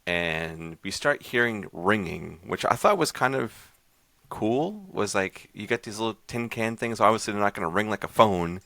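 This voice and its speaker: Podcast host, male, very low gravelly voice with a bright edge; laid-back, rambling recap style. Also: normal speed, dry recording. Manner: rambling, loose, with many fillers and restarts. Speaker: podcast host reviewing horror short films. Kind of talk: casual chat, recapping a short film.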